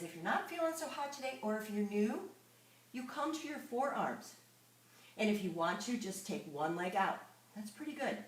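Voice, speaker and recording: A woman fitness instructor leading a live exercise class, coaching moves and counting reps aloud. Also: fairly low pitch. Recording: echoey room, mic far off.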